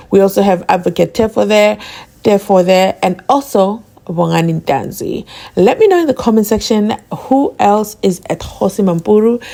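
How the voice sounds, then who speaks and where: A woman's voice: medium pitch, creaky, warm tone. A woman hosting a casual commentary vlog, asking rhetorical questions and laughing often. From South Africa. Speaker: channel host.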